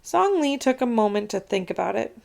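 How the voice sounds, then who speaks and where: Woman, children's book read-aloud, expressive narration, animated pitch, gravelly. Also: a little fast. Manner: expressive storytelling.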